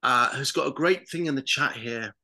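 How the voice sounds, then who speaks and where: A man hosting an online workshop, speaking casually and with relaxed fillers over a video call. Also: mid-range voice, moderate pace. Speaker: workshop host.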